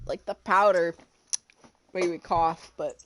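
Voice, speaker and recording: A woman's voice: lowish voice, slow pace, slight background noise, rough recording. A young woman chatting casually and giggling while playing a video game with a friend. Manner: giggly, animated. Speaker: let's play co-host. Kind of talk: casual gaming chat.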